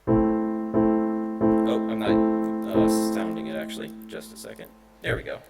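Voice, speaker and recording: A man's voice: on the low side, fairly even intonation, brisk, poor audio. A man giving a conference presentation on simulation and music, talking casually with many fillers and restarts. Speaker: conference speaker. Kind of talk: technical presentation. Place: conference hall.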